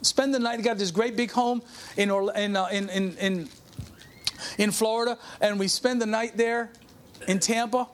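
Middle-aged pastor guy, high voice, chatty sermon, keeps saying come on to the crowd. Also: fairly even intonation, normal speed. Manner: conversational, calls out to the congregation. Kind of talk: sermon with personal testimony.

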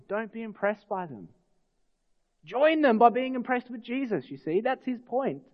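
A man preaching a sermon as pastor, earnest and putting rhetorical questions to his congregation. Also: sits high. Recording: long hall reverb, dull lo-fi sound.

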